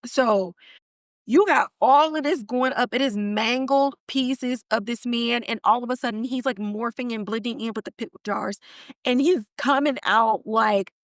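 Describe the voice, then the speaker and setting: A woman hosts a podcast and recaps a TV episode in loose, slangy, animated storytelling. Her voice sits fairly high, and the recording is dry and close. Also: moderate pace, no echo. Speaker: podcast host. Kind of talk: casual TV recap chat.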